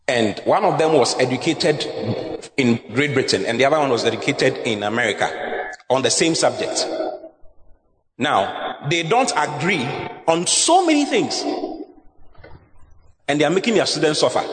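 Lively male preacher in an echoey hall. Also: fairly high pitch. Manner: emphatic, asks the congregation questions. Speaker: pastor. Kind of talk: sermon. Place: church hall. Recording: echoey church hall, faint room noise.

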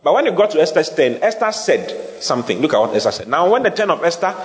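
A man preaching in a lively, animated style with a fairly high voice. He spells out words and laughs along the way, and a long reverb hangs over his speech as if he were in a big hall. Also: fast talker. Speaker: preacher teaching Bible words. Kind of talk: sermon.

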